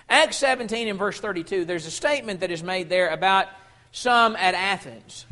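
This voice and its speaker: Guy preaching a sermon, high bright voice, emphatic, repeats words a lot. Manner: emphatic preaching, slowing down for quoted Scripture.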